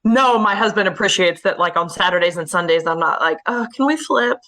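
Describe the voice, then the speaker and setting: A woman appearing as a TV guest on a sports podcast, chatting casually and reacting quickly. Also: on the low side, fairly bright tone. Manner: laughs along, quick reactions.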